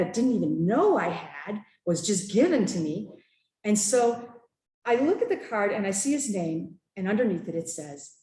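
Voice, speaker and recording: A woman telling a personal story at a church gathering, animated and laughing, acting out what people said. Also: medium pitch, unhurried. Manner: animated, laughing, with acted-out quotes. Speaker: church member sharing a story. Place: church hall. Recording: echoey church hall.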